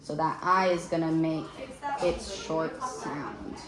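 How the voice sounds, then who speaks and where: Woman reading teacher, lower register, patient and upbeat; echoey classroom, kids audible behind. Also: lively intonation, crowd noise. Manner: patient, encouraging, clear and slow when explaining sounds. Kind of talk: small-group reading lesson.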